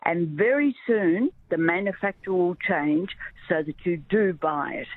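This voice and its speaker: A woman's voice: lowish voice, normal speed, dry recording. A woman in her eighties with an Australian accent, calling in to a radio show and speaking earnestly and insistently. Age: 80s. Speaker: caller. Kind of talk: radio call-in. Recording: tinny phone line.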